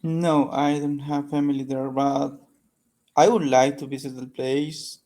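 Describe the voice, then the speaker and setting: Male English learner, hesitant simple phrasing, mid pitch, video call. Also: little pitch movement, measured pace, warm tone. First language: Spanish.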